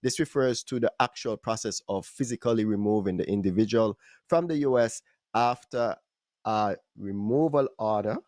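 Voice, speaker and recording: A man hosting an interview, explaining terms for the audience in a measured way. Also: lowish voice, a little mellow, dry recording. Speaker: host.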